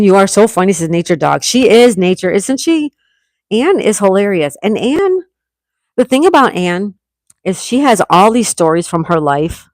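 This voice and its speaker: A woman's voice: on the low side, dry recording, studio quality. A woman in her sixties from New York State, hosting a casual livestream and chatting as she reads viewers' comments aloud. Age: 60s. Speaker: livestream host. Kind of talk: casual live chat reading comments.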